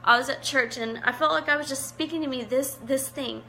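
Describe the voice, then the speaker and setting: A middle-aged woman hosts a live devotional chat online, her high-pitched voice moving fairly quickly as she reads viewer comments and greets people by name. She is warm, encouraging, and chatty, though teary-eyed, with slight background noise behind her.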